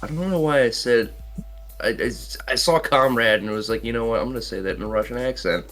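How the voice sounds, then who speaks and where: A man co-hosting a casual podcast, talking in an animated way and cutting himself off mid-thought. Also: medium pitch, a little fast, faint music behind. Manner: animated, self-interrupting, laughing. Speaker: podcast co-host. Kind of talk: casual chat.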